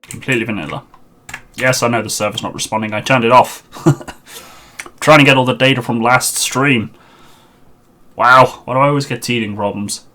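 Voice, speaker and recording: A man's voice: medium pitch, steady tone, normal speed, long pauses, pushed and bright. A man streaming a game live, chatting and muttering to himself on a headset mic while he sorts out a server.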